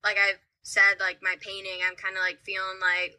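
A woman's voice: mid-range voice, completely flat delivery, brisk, sharp tone, rough recording. A woman chatting casually on a podcast, filling her talk with "like.". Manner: chatty, full of "like" fillers.

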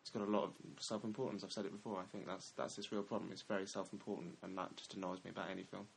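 A man's voice: sits low, little pitch movement, racing, gravelly, a little hiss or hum. A man co-hosting a film podcast, giving blunt opinions in casual chat. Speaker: podcast co-host, film critic.

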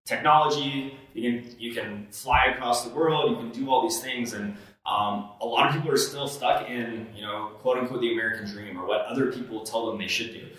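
A man's voice: medium pitch, a little fast, fairly bright tone, recorded from a distance. A man co-hosting a casual podcast chat, talking in an earnest coaching way with many fillers. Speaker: podcast co-host. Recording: echoey room, off-mic.

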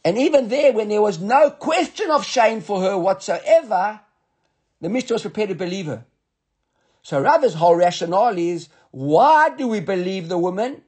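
A man teaching a Talmud class who reads passages aloud, then explains them in a halting way, often repeating words. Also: sits high, animated, a little mellow, breathy edge.

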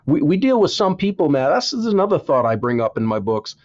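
Man, lively swinging pitch, emphatic, repeats for emphasis, muffled lo-fi sound. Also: brisk. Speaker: author and guest. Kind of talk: interview, preaching-style advice.

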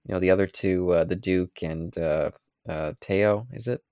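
A man's voice: sits low, normal speed, a little mellow, no echo, clean studio sound. A man co-hosting a podcast, casually retelling comic scenes and acting out the characters' lines. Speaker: podcast co-host. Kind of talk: casual chat.

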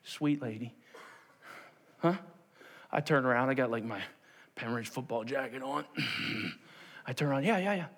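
A man's voice: medium pitch, measured pace, creaky, pauses often. A man preaching a sermon in a church, telling a personal story and acting out the voices of the people in it, often checking in with "okay?". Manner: animated, acts out quoted voices, repeats "okay?". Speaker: pastor. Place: church sanctuary. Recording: long hall reverb.

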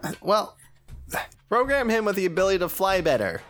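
A man's voice: sits high, very animated, a little fast, fairly bright tone, soft background music. A man playing a tabletop role-playing game in a playful, sometimes exasperated way. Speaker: player.

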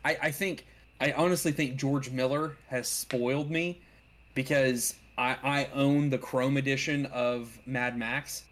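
A man's voice: mid-range voice, fairly even intonation, fairly bright tone. A man hosting a casual movie review chat, talking emphatically with frequent restarts and false starts. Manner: halting, restarts often, emphatic. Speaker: podcast host.

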